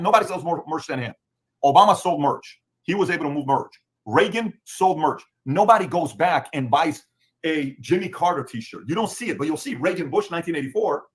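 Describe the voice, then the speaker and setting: Man, Middle Eastern accent, podcast guest, emphatic, rhetorical questions, fairly high voice. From Iran. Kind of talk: opinionated podcast talk.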